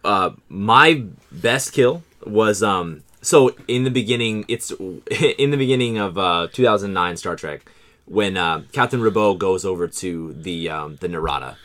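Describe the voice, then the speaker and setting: A man co-hosting a casual movie chat, telling scenes in an excitable, profane way. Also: low-pitched, a little slow.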